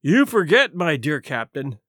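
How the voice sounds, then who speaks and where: A man voicing a shabby, down-and-out gentleman who speaks quietly and wryly, with sighs, in a storybook reading. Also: a little high, very animated, measured pace, dry recording, clean studio sound, heavily acted. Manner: quiet, sighing, wry.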